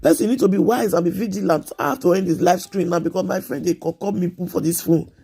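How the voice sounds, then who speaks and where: Husky Nigerian woman, gravelly and pleading. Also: fairly low pitch, fast talker, mellow. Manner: repetitive, pleading, earnest. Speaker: live streamer giving advice. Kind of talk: casual live stream advice talk.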